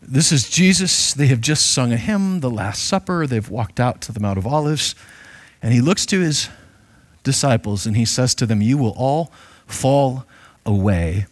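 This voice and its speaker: A man's voice: mid-range voice, animated, moderate pace. A man preaching a sermon as pastor, reading scripture and explaining it in a conversational, playful way with frequent restarts.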